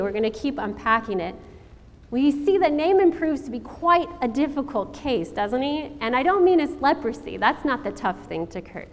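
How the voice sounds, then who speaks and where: A woman preacher giving a sermon, telling the story in a slow, dramatic way with rhetorical questions. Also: a little high. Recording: long hall reverb, faint ambience.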